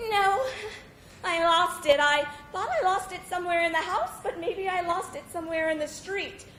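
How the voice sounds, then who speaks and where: A woman playing a frantic, hysterical middle-aged housewife in a staged comedy scene, talking in a shrill, exasperated rush. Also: normal speed, a bit bright, a little hiss or hum. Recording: roomy echo.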